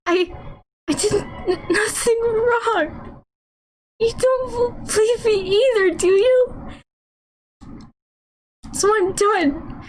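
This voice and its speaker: A woman's voice: very high voice, extremely slow, pauses often, exaggerated voice, rough recording. A woman voicing a distraught young woman in a game, sobbing, stammering and pleading. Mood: desperate.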